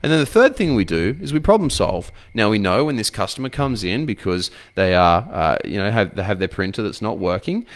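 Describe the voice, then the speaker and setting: Man, blunt coach, swears a lot, rhetorical questions, animated pitch. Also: brisk, hardly any pauses. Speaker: men's coach. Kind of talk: motivational advice talk to camera.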